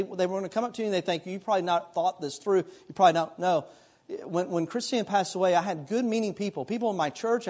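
A man's voice: on the high side, darkish tone. A middle-aged male pastor preaching a sermon in a conversational way, mixing scripture with personal stories.

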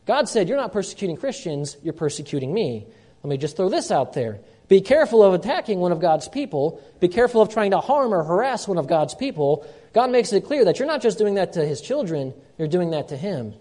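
A male pastor delivers a sermon in a fairly high, mellow voice. He hammers each point home by saying it twice, rising in volume and then dropping low. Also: very animated, fairly quick, hardly any pauses. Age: young adult or middle-aged, a parent. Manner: emphatic preaching, repeats key lines, swings loud and soft.

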